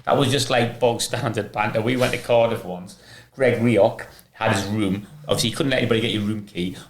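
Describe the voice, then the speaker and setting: A man's voice: lowish voice, fairly even intonation, brisk, a little hiss or hum. A middle-aged man from Britain, a former footballer, trading laughing banter in casual podcast chat. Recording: roomy echo.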